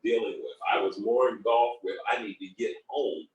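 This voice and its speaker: A man's voice: lowish voice, moderate pace, dull audio. A man co-hosting a relationship discussion, explaining things in a conversational way with personal stories. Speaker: co-host. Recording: roomy echo from a distant mic.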